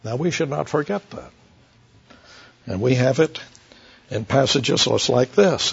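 Male preacher, expository sermon, unhurried and emphatic, raspy tone, muffled lo-fi sound. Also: mid-range voice, lively intonation. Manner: slow, deliberate, emphatic with light asides to the congregation. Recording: dull lo-fi sermon recording.

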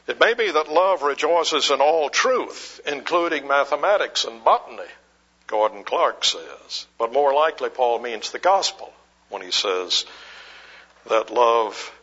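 Man, preacher, husky voice, lively rising and falling pitch, muffled lo-fi recording. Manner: slow, deliberate preaching with rhetorical questions. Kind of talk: sermon.

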